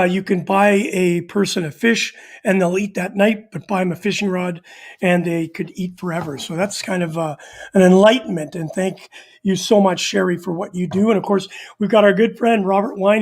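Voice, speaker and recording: A man with a high voice and a gravelly edge, co-hosting a casual talk show. He rambles along, padding his sentences with "uh". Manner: rambling, frequent "uh" fillers. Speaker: co-host.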